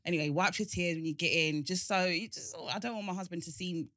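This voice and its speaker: A woman talks in a casual, heart-to-heart conversation. Her voice sits a little low and sounds close and dry. She is frank and reassuring and tells her story plainly. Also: fast, sharp tone, dry recording. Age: 30s.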